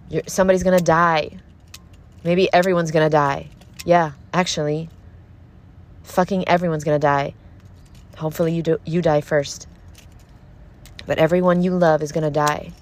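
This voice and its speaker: A woman's voice: low-pitched, level tone, normal speed, pauses often. A woman hosting a podcast from her car, tearful and shaken, talking urgently and swearing often in an emotional monologue. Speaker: podcast host. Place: parked car.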